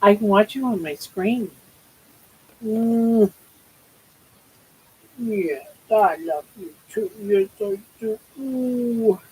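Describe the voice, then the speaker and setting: A woman's voice: medium pitch, very slow, pauses often, warm tone, breathy edge, rough recording. An older woman hosting a casual livestream from home, cooing baby talk to her pet. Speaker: livestream host.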